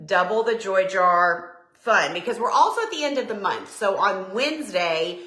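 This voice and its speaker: A middle-aged woman from Tennessee with a Southern accent, chatting casually and warmly greeting viewers by name on her live stream. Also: mid-range voice, animated, moderate pace. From Tennessee, USA. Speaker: decor business owner hosting a live stream. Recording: echoey room.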